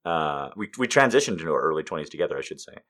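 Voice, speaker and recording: A man in his thirties giving a casual comedic monologue, swearing freely and swinging between loud outbursts and muttered asides. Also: a bass voice, big pitch swings, racing.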